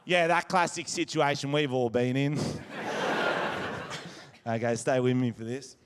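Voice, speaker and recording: A man's voice: mid-range voice, unhurried. A man with an Australian accent doing crude, brash stand-up comedy and crowd work on a stage before a live audience. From Wollongong, Australia. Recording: live show with audience noise.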